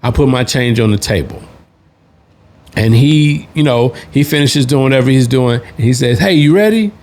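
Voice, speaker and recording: A man's voice: medium pitch, steady tone, normal speed, darkish tone. A man hosting a show, telling a story in a casual, rambling way, full of restarts and slang. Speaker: podcast host, Navy veteran.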